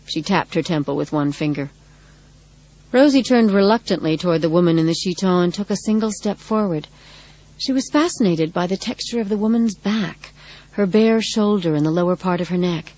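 A woman narrating a dark story in a measured, dramatic reading. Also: medium pitch, expressive, rough recording. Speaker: audiobook narrator. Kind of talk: scripted narration.

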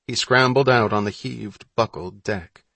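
A male audiobook narrator reading a story in steady, measured scripted narration. His voice sits low. The recording is dry and close, with no room sound. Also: creaky, dry recording.

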